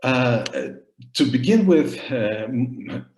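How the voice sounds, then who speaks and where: A man presenting his book at a seminar in a halting academic lecture, with frequent fillers and restarts. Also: mid-range voice, animated, darkish tone, reverberant, slight background noise, rough recording.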